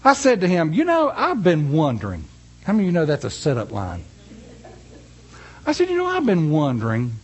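A man with a fairly high voice delivers a sermon. He reads scripture slowly with weight on each phrase, then shifts into a folksy, conversational story. His delivery is that of a preacher addressing a congregation. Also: wildly swooping pitch, breathy edge.

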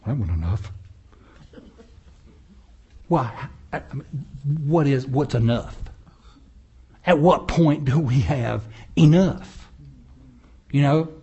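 A man preaching a sermon, animated and conversational, acting out people's prayers and mocking voices as he goes. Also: medium pitch, slow, long pauses, slightly rough, dull audio. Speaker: pastor.

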